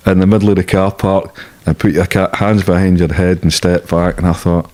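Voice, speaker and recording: A man's voice: sits low, fairly even intonation, a little fast, hardly any pauses, darkish tone. A Scottish man, a guest in an interview, telling stories in a blunt, casual way with plenty of swearing. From Scotland. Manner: blunt, swearing freely, laughing at his own stories.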